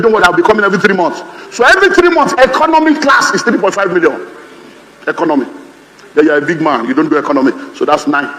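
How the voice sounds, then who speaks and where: Nigerian male pastor, high voice, playful sermon delivery in a reverberant hall. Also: a little hiss or hum. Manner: humorous, lively, mimics others' voices. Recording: reverberant hall, faint ambience.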